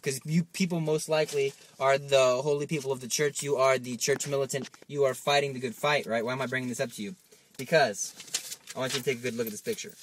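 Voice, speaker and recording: A man's voice: mid-range voice, fairly bright tone, dry recording. A man preaching an informal sermon, urging his listeners with urgent exhortation and little acted-out dialogues. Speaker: Catholic preacher.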